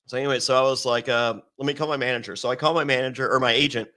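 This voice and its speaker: A man from Virginia telling stories as an interview guest, swearing a lot and acting out quoted lines in a raised, excited voice. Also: medium pitch, rapid-fire. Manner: animated, acts out quotes in raised voice, heavy swearing. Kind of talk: casual storytelling with profanity.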